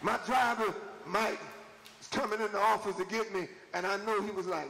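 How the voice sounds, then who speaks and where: Man, bishop, live sermon, shouting preaching cadence, high gravelly voice, noisy church recording. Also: steady tone, moderate pace, big-room sound. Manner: rising to shouted preaching cadence, repetitive and call-and-response. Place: church sanctuary with congregation.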